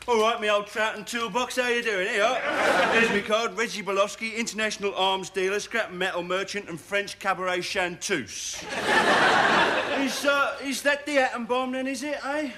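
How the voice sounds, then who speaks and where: A man's voice: sits high, normal speed, natural voice. A man playing a brash Cockney wide boy. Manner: rambling patter, chuckling. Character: brash cheeky male arms dealer, wisecracking wide boy. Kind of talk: sitcom acting. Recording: noisy TV recording with studio laughter.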